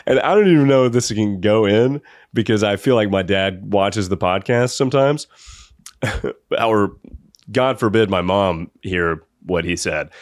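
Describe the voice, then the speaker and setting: Laughing young man, lowish voice. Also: unhurried, no room sound, clean studio sound. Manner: rambling, laughs through his stories. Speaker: podcast host. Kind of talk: comedic storytelling.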